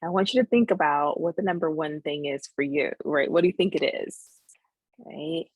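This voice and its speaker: A woman's voice: low-pitched, expressive, moderate pace, slightly rough, no echo, rough recording. A woman therapist teaching a live webinar over a video call, earnest, who keeps checking in with her listeners by asking "right?".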